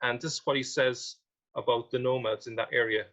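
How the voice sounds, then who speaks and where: A man's voice: medium pitch, fairly even intonation, brisk, a bit bright. Guy explaining history off slides, reads quotes then asks questions, kinda muffled lo-fi audio. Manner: reads quotations aloud, then questions them.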